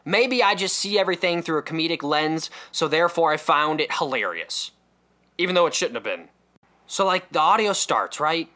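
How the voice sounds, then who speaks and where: A man tells a funny story in a bright, ringing voice. His pitch swings widely as he talks, and he jumps into big, exaggerated voices for the people in his story. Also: expressive, moderate pace. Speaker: comedy podcast host. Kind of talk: comedic storytelling.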